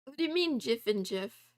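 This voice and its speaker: A high-voiced woman on a casual livestream, talking slowly and chatting with her viewers. She giggles a lot, puts herself down playfully and slips in little meows between her answers. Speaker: streamer. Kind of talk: casual livestream chat, reading chat aloud.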